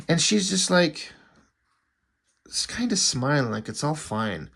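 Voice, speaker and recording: A man's voice: medium pitch, animated, moderate pace, vocal fry, fairly bright tone. A man reviewing a comic book in casual commentary, irreverent and wry, with frequent swearing.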